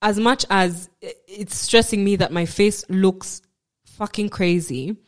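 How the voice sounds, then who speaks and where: A woman, a podcast guest, telling a personal story in a halting way, repeating words and acting out what others told her. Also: mid-range voice.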